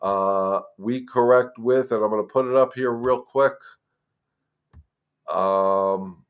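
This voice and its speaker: The recording is muffled as a man with a fairly low, steady voice talks slowly through a live dog-training Q&A. Casual and direct, he addresses viewers as "guys," repeats himself, and grows firm and emphatic on the rules.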